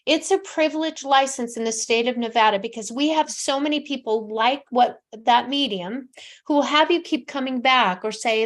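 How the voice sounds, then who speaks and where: Host, woman in her sixties, slightly high pitch, emphatic and heartfelt, dips into hushed soft passages. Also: moderate pace. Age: 60s. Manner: emphatic, heartfelt, drops to soft near-whispers. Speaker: psychic medium host. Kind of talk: casual call-in advice talk.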